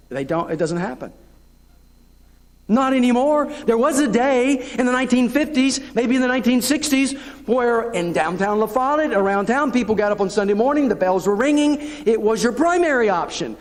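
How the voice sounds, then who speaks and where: Southern pastor guy preaching, kinda high voice, talks like chatting w the congregation, big church echo. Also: expressive, normal speed. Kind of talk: sermon. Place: church sanctuary. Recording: long reverb of a church hall, local TV broadcast.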